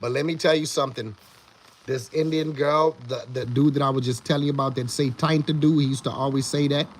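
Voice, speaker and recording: This livestream host speaks fast in a mid-range voice, keeping his tone steady. He greets people in the chat by name on his casual stream, rambling with frequent restarts and repeated words.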